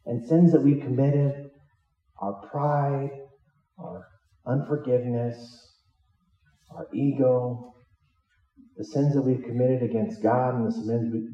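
A man's voice: mid-range voice, roomy sound, far from the mic, muffled recording. A man preaching a sermon as a pastor, who jokes and acts out the disciples' lines as he tells the story. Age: adult with children. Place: church hall.

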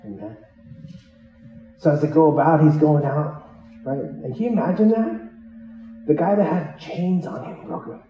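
A man's voice: fairly high pitch, lively intonation, moderate pace, pauses often, echoey room, recorded from a distance, highs cut off, a little hiss or hum. A man preaching a sermon as a pastor, who jokes and acts out the disciples' lines as he tells the story. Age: adult with children. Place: church hall.

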